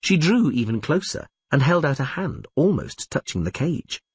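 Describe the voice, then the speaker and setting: A man's voice: fairly high pitch, big pitch swings, moderate pace, a little mellow, breathy edge, no echo. A man narrating a fantasy audiobook, reading expressively and voicing all the characters himself.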